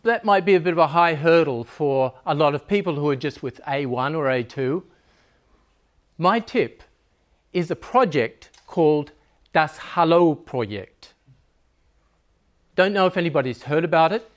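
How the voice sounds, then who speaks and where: A man's voice: fairly high pitch, animated, measured pace, pauses often. A man giving a humorous talk to a live audience, joking and conversational, laughing at his own lines.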